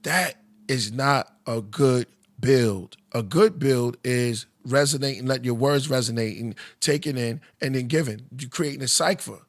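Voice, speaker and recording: A man's voice: mid-range voice, a little slow. A man hosting a casual live-stream chat, laid-back and encouraging, laughing often. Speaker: host.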